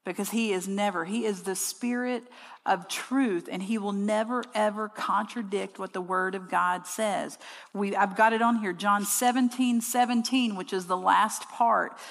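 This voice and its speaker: A woman's voice: mid-range voice, fairly even intonation, measured pace, vocal fry, long reverb tail. A woman teaching a Bible study to women, emphatic and conversational, repeating words for stress. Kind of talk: teaching sermon.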